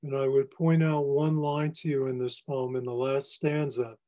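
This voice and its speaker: A poet giving a library lecture on poetry, explaining lines in a measured, teacherly way. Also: male voice, medium pitch, little pitch movement, warm tone. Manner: measured, explanatory, reads lines aloud for emphasis. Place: public library presentation.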